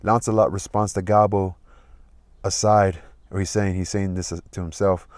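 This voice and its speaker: A man's voice: low voice, flat delivery, moderate pace, no echo, studio quality. A man casually reading a play aloud and explaining it in a loose, chatty way.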